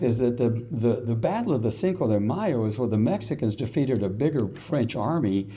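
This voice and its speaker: An older man lectures on history in a folksy, storytelling way, firing rhetorical questions at his listeners. His voice is deeply dark and mellow, sitting at an ordinary middle pitch for a man. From Texas. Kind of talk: public lecture.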